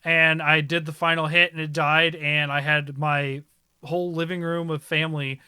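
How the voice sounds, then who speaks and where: A man's voice: a little high, level tone, moderate pace, sharp tone, smooth, dry recording, clean studio sound. A man hosting a casual talk stream, speaking thoughtfully and rephrasing as he goes. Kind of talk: casual chat.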